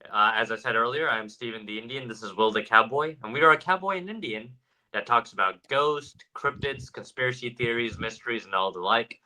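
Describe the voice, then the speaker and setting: A man from Georgia co-hosting a casual paranormal podcast, relaxed and quick to chuckle. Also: medium pitch, rough recording. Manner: laid-back, chuckling reactions. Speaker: podcast co-host.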